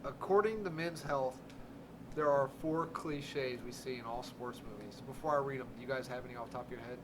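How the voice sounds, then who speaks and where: A man hosting a podcast in casual chat, excitable, with stumbling restarts and frequent laughter. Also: mid-range voice, a little fast, background noise. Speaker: podcast host.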